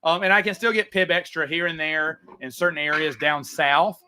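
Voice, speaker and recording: A man's voice: fairly high pitch, steady tone, moderate pace, sharp tone, slight background noise. A man hosting a casual livestream, answering viewer chats in a rambling way with frequent stammers and restarts.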